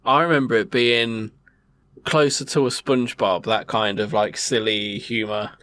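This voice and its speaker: A man's voice: fairly low pitch, steady tone, normal speed, bright, forceful tone, dry recording. A middle-aged man co-hosting a casual podcast, reacting with bemused disbelief. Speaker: podcast co-host. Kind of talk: casual chat. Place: garage.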